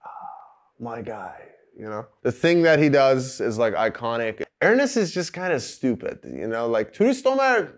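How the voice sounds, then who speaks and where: A man's voice: mid-range voice, sing-song, normal speed, hardly any pauses. A man hosting a film-review talk to camera, rambling with sarcastic jokes and asides. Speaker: show host reviewing films.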